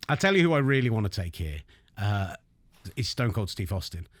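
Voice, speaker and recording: A man hosting a sports show, bantering with excitable, theatrical outrage. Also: lowish voice, brisk, no echo.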